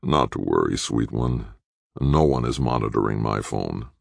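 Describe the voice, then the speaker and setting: A man voicing a relaxed, sly middle-aged man who speaks smoothly and without hurry. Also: a bass voice, normal speed, no echo, studio quality, exaggerated voice. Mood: calm, needling.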